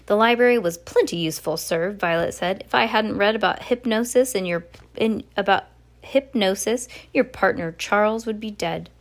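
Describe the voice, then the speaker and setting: A woman's voice: medium pitch, moderate pace, lightly acted. A woman voicing a clever teenage girl who speaks earnestly and urgently in a storybook reading.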